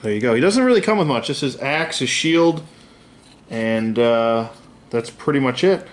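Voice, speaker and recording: A man's voice: medium pitch, animated, moderate pace. Man griping through a casual toy review. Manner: candid, griping, swears freely; rambling with many fillers and self-corrections. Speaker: action figure reviewer.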